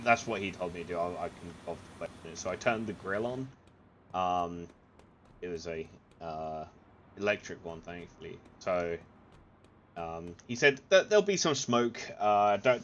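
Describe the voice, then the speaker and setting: A man telling rambling stories to friends in a casual voice chat, halting with fillers and restarts. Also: low voice, fairly bright tone, a little hiss or hum. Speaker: gamer chatting with friends on voice chat. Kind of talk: casual storytelling.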